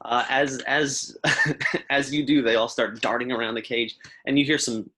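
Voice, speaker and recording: A man's voice: medium pitch, fairly even intonation, moderate pace, fairly bright tone, slight background noise. A man narrating a tabletop game as game master, in loose, rambling descriptions full of fillers and restarts.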